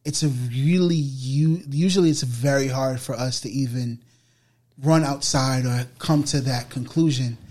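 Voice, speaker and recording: A man hosting a casual podcast chat, asking questions in a relaxed, joking way. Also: medium pitch, unhurried. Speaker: podcast host.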